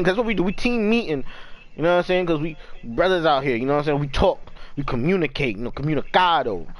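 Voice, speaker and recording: A young man hosts his podcast in loose, excitable chat, leaning on slang and filler phrases. His voice sits high for a man and sounds clean and smooth. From New York. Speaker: podcast host.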